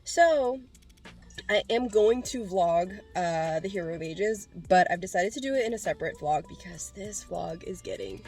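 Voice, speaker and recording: A woman chatting casually in a reading vlog, excitable and gushing, crying out in dismay at times. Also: medium pitch, moderate pace, faint music behind. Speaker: book vlogger.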